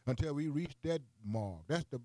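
A man's voice: animated, normal speed, darkish tone, no echo. Folksy preacher man, dry sound. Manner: folksy, repeats "boy" and "man" often; rises into high, emphatic preaching runs. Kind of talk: radio broadcast sermon.

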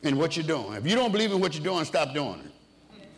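A man's voice: fairly high pitch, very animated, brisk, vocal fry. A man preaching a sermon in a rhythmic way, asking the congregation questions and answering them himself.

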